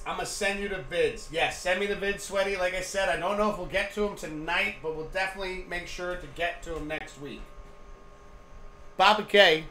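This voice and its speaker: A man's voice: on the high side, sharp tone. A man in his thirties hosting a casual sports live stream from home, joking and swearing as he chats. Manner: joking, profane, chatty. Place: home room. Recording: echoey room.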